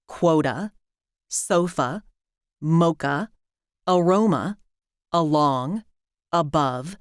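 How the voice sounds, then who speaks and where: Slow, carefully enunciating American woman teacher. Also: lowish voice, no echo, studio quality. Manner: clear, careful enunciation of example words. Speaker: pronunciation teacher. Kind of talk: scripted instructional narration.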